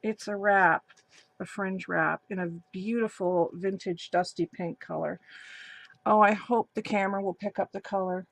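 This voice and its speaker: A woman hosting a crafting channel, gushing and gasping with excitement as she opens a birthday package in a casual unboxing vlog. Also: medium pitch, normal speed, dry recording. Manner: gushing, excited, breathy gasps.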